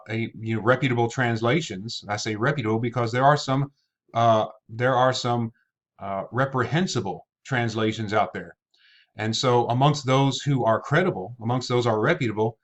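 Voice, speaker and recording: A man's voice: mid-range voice, highs cut off. A man teaching a scripture lesson in an online video, methodical and posing rhetorical questions as he reads verses aloud. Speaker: Bible teacher.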